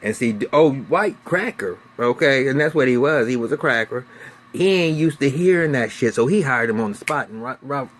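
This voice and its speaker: Profane, animated man recapping a TV episode. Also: mid-range voice, moderate pace. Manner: animated, profane storytelling with voiced quotes. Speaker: TV recap reviewer.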